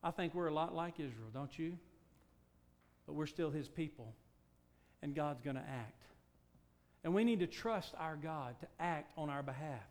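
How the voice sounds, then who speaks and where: A male preacher with a high voice delivers a sermon, firing rhetorical questions at his listeners. He punches key words loudly, then drops low and quiet to press a point home. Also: moderate pace. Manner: emphatic, rhetorical questions, big swings in loudness.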